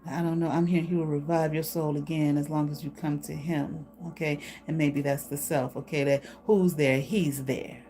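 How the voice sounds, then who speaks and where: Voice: medium pitch, steady tone, normal speed, few pauses, dark tone. A tarot reader giving a casual, spoken reading, emphatic and blunt, tagging lines with a repeated "okay?" and swearing freely.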